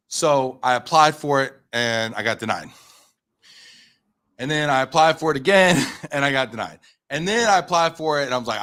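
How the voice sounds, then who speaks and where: An American man in his thirties, a company founder appearing as a podcast guest, tells a long personal story at a slightly quick clip. His average-pitched voice is casual, full of fillers and restarts, and he animatedly acts out things he once said.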